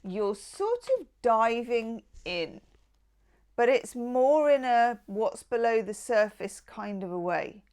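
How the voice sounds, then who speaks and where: Woman, tarot reader, unhurried delivery, gushing, chatty. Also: fairly high pitch, animated, a little mellow, clear, resonant tone. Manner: slow, enthusiastic and affectionate, chatty asides. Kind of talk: casual tarot reading.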